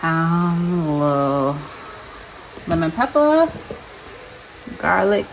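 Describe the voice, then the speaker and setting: A woman's voice: fairly low pitch, normal speed. A young woman with a Southern US accent, chatting casually to the camera as she cooks in her home kitchen. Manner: chatty, talks to camera while cooking. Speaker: home cook, vlogger. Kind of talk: casual cooking chat. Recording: background noise in a home kitchen.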